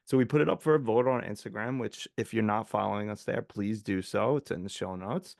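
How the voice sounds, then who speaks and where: A man co-hosting a casual movie podcast, rambling with many fillers and sometimes getting excited. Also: fairly low pitch, a little fast, gravelly, dry recording, clean studio sound. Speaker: podcast co-host.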